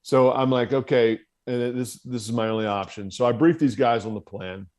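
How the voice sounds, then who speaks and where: A man's voice: medium pitch, moderate pace, darkish tone. A middle-aged American man, a former Marine officer, telling a story as a podcast guest and acting out the voices he quotes. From United States.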